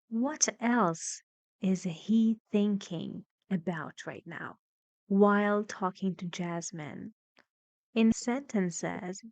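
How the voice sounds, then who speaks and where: Slow, patient woman English teacher. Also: mid-range voice, a little mellow, no echo. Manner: patient, encouraging, slightly halting. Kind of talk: video lesson explanation.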